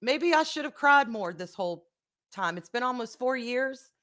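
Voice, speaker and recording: A woman hosting a casual live stream, candid and rambling, swearing freely and swinging between soft and loud as she answers viewers. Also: fairly high pitch, lively intonation, normal speed. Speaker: livestream host.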